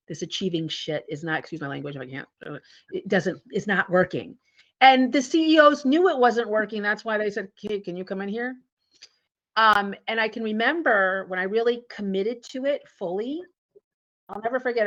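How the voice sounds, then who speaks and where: A woman, a company founder, telling lively stories in an interview and acting out the dialogue. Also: lowish voice. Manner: animated storyteller acting out dialogue. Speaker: guest, founder and CEO. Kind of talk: casual interview storytelling. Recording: dull lo-fi audio.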